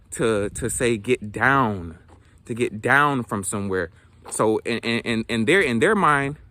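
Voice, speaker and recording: Earnest young man with a bright voice. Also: medium pitch. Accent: Southern US. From South Georgia, US. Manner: earnest and reflective, many fillers and restarts. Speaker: language vlogger. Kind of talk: casual talking-to-camera vlog.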